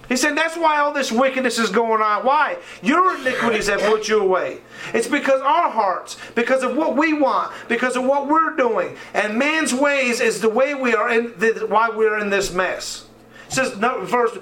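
A man's voice: extremely high pitch, animated, normal speed, bright, forceful tone, distant mic, rough recording. A man preaching a sermon, fervent and full of rhetorical questions, reading scripture aloud.

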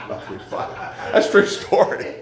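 Folksy preacher man in an echoey church. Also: fairly quick. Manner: folksy storytelling preacher, rising to loud emphatic questions. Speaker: pastor. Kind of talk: sermon. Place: church sanctuary.

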